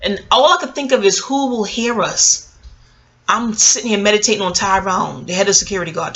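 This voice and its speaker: A woman's voice: medium pitch, fairly quick, poor audio. A middle-aged woman from New City, telling a personal story in a casual, profane monologue to her viewers. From New York City. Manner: animated, profane, talks straight to viewers. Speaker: vlogger and memoir author.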